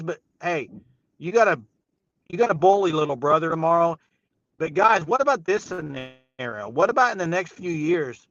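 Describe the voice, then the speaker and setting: A man's voice: high voice, a bit bright, no echo. A man calling in to a sports show over a remote connection, emphatic and pumped up, repeating his points. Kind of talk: casual sports talk. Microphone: remote call connection. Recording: dull, dry lo-fi call audio.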